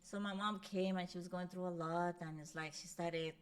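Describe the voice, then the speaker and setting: A woman hosting a casual conversation, reflective and repeating phrases softly. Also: on the low side, steady tone, moderate pace, clean tone. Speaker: host.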